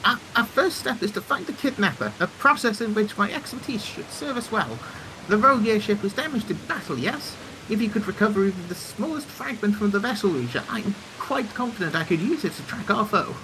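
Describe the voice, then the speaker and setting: A man's voice: high voice, animated, a little fast, noisy background, voice pushed up. A man voicing an eager, formal male airship engineer with a put-on accent in a game read-along. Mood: concerned. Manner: formal, eager and a bit pompous.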